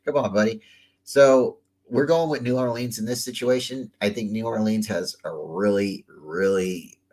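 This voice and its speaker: A man's voice: on the low side, low-quality recording. A man hosting a casual football talk show, loose and chatty, often repeating words and trailing off mid-thought. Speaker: sports talk host. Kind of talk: casual sports commentary.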